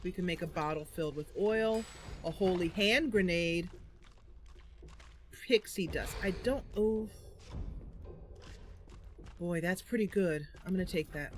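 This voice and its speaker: A woman's voice: on the low side, unhurried, long pauses, soft background music. A woman hosting a game livestream, chatting casually and thinking aloud as she plays, often giggling. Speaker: livestream host.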